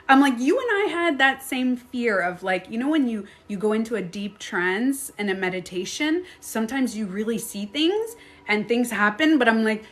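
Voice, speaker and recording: A woman's voice: on the high side, animated, moderate pace. A middle-aged woman hosting a live stream, telling a story casually, laughing often and acting out her own reactions.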